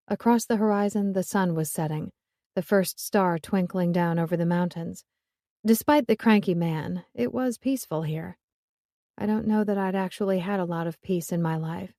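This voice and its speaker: A woman's voice: on the low side, mellow, no echo, clean studio sound. A woman narrating a romance audiobook in first person, in a wry, conversational manner.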